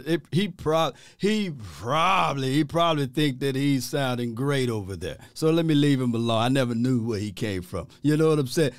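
A male sports talk host on a livestream, animated and exasperated, drawling informally, repeating phrases and laughing often as he reads viewer chats. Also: high voice, smooth, no room sound, clean studio sound.

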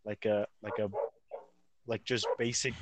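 A man's voice: lowish voice, little pitch movement, measured pace, noisy background. A young man co-hosting a casual chat, rambling and full of filler words. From United States. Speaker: podcast co-host.

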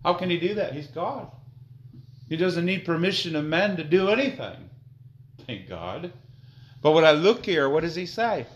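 A man preaching a sermon, slowing down to read scripture aloud and swinging from quiet low asides to loud emphatic declarations. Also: lively intonation, lo-fi sound. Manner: reads scripture slowly and deliberately.

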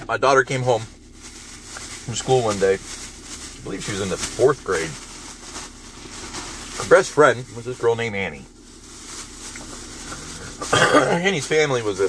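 A man's voice: mid-range voice, fairly bright tone, a little hiss or hum. Profane man ranting in a redneck drawl. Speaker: parent vlogger. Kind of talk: casual rant to camera.

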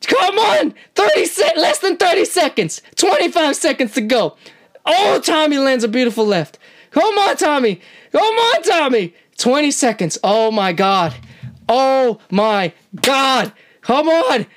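A woman giving amateur live reaction commentary on a boxing match, excitable and slangy, often talking straight to the fighters. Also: high voice, a little slow. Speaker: channel host, amateur commentator.

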